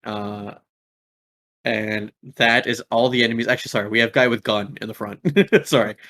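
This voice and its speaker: A man's voice: lowish voice, steady tone, normal speed, bright, forceful tone. A young man running a tabletop game as game master, rambling with many fillers and laughing at his own slips.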